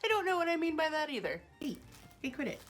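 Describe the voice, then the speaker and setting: A woman's voice: high voice, sing-song, fast talker, a bit bright, soft background music. A woman hosting a casual cooking vlog in her home kitchen, chatty and self-mocking, laughing often. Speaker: cooking show host.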